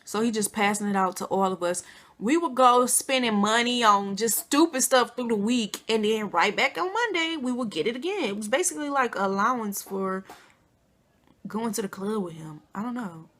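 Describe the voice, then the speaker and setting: A young woman from Flint, Michigan, telling a storytime to her viewers in a chatty, animated way. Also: on the high side, moderate pace. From Flint, Michigan, USA. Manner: chatty, addresses viewers as y'all and girl, animated quotes. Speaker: vlogger. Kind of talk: casual storytime.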